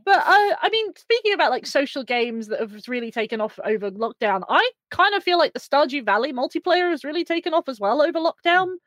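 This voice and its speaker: A woman's voice: sits high, expressive, fairly quick, few pauses, a bit bright, dry recording. A woman as a guest in a casual streamed chat, chatty and enthusiastic. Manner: chatty, enthusiastic, laughs often.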